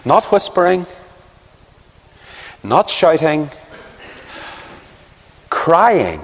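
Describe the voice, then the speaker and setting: A man delivers a sermon like a storyteller, moving from quiet, low remarks to ringing cries. His voice sits fairly high and moves with wide, lively swings of pitch. The room adds a long, hanging reverb. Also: a little slow, pauses often. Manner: dramatic storytelling, swings from hushed to crying out. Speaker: preacher.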